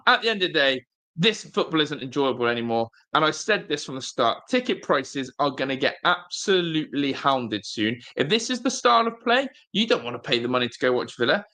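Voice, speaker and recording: A man's voice: medium pitch, sharp tone. A man, hosting a live football watch-along from a hotel room and ranting angrily at his team, swearing and repeating himself. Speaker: fan channel host.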